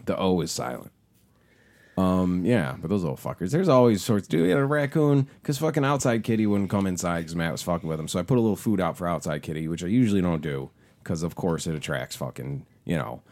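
A man's voice: low voice, animated, fairly quick, darkish tone. A man in his thirties, co-hosting a casual chat, telling rambling, profane stories and laughing often. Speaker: podcast co-host.

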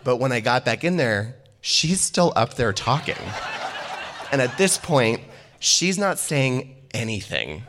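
A man telling a personal anecdote in an animated way, laughing often as he goes. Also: medium pitch, takes it slowly, background noise.

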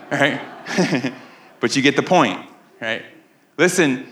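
A man's voice: a little high, sharp tone, echoey room. A man preaching a sermon as pastor to a live congregation, in a conversational way and often asking the room "right?". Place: church sanctuary with a live congregation.

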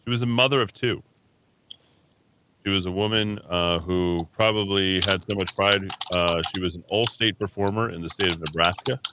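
A man's voice: low-pitched, normal speed, background noise. A man hosting a talk radio show from a station studio, rambling opinionated monologue full of hesitations and restarts.

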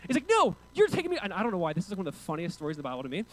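A male pastor delivers a sermon at a quick clip, his voice sitting high for a man. He tells the scripture story with animated energy, acting out the characters and asking the congregation to repeat key words. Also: low-quality recording. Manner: emphatic preaching with call-and-response.

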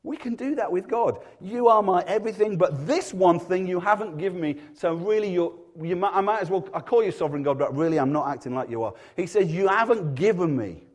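Animated man preaching a sermon. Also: high-pitched, fairly quick, hardly any pauses. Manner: animated storytelling, acting out voices in dialogue. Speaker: pastor. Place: church.

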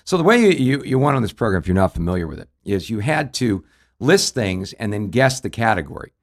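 A man's voice: lowish voice, very animated, a little fast. A man hosting a radio talk show, telling a story casually with many fillers and restarts.

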